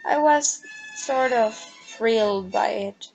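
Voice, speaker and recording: A woman voicing a calm, easygoing young married woman, reading her lines slowly from a play script. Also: fairly high pitch, vocal fry, faint music behind, exaggerated voice, poor audio.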